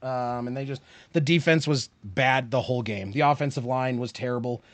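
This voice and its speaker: A man calling a football game play by play on his live stream, rising with excitement on big plays and dropping to quiet muttered asides. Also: mid-range voice, moderate pace, no echo. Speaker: streamer and sports commentator.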